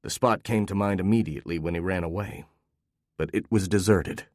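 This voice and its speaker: A man narrating a first-person story in a steady, even storytelling manner. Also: sits low, a little fast, no room sound, clean studio sound.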